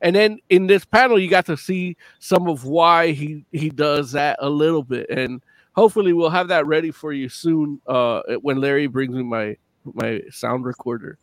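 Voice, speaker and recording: Relaxed man in a dry-sounding chat. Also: a little high, moderate pace, no echo. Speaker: co-host. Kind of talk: casual podcast chat.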